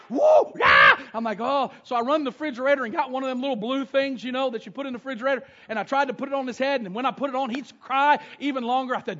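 A man, preaching a sermon with animated, homespun storytelling. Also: very high-pitched. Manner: animated storytelling with down-home grammar. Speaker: pastor. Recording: dull lo-fi sound.

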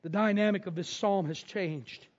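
A pastor telling stories in a sermon, dropping to a hush and then rising to a shout. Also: male voice, sits high, moderate pace, muffled recording. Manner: storytelling, swings from hushed to shouting. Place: church sanctuary.

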